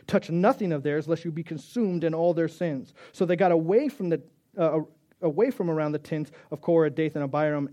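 A man preaching a sermon, acting out quotes of God and Moses and moving between loud and soft, with casual asides between scripture readings. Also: fairly high pitch. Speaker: pastor.

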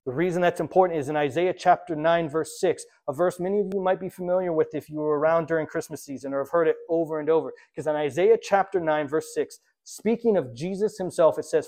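A male pastor delivers a sermon, retelling scripture in an animated storytelling way. His voice sits a bit high for a man. He pushes some lines out loud and then drops to a near hush for the next. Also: quick pace, few pauses. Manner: emphatic, animated storytelling with swings in loudness.

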